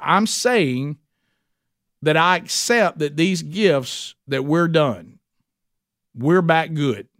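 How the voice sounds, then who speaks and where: A male pastor preaching in a conversational, folksy way, often turning to the listeners with questions. His voice sits a little higher than most men's. The recording is close and dry, with no room sound. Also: lively intonation, extremely slow, long pauses, fairly bright tone, no echo. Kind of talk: sermon.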